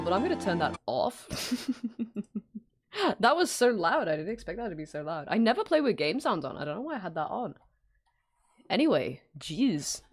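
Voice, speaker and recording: A woman streaming live in casual chat, greeting viewers by name and laughing often as she works from home. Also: medium pitch.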